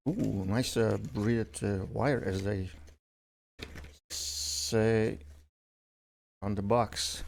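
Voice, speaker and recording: A man's voice: lowish voice, steady tone, drawn-out words, creaky, long pauses. Older man chatting through an unboxing. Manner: chatty and rambling, with many fillers and self-corrections. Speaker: unboxing vlogger. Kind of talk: casual unboxing commentary.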